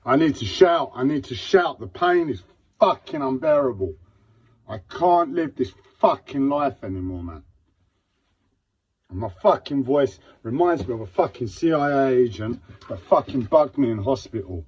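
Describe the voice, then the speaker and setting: A man with a husky, slightly rough voice talks unscripted on a live stream. He sounds pained and distressed, repeating himself and swearing heavily. The audio is dull and lo-fi. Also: medium pitch, animated, moderate pace, a little mellow. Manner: raw, repetitive, swearing heavily. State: in physical pain and distressed.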